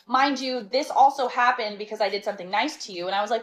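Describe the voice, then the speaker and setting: Woman, higher register, sassy and animated storyteller, chatty delivery. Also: fast talker, hardly any pauses, low-quality recording. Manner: animated, sassy, exasperated, laughs between lines. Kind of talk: casual storytime monologue.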